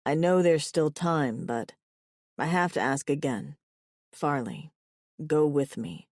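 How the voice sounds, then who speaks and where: A woman reading an audiobook, voicing a tender, possessive alien male warrior in a low, soft, intimate tone. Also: animated, slow, no echo, studio quality, full character voice.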